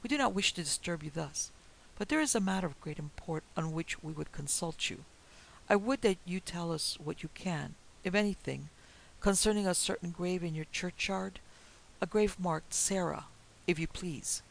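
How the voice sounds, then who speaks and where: An excitable little French detective with a French accent bursts out in quick, formal exclamations, as a man acts him out. The voice sits a touch high, with a gravelly edge. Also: slight background noise, poor audio. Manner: impetuous, exclamatory, formal phrasing.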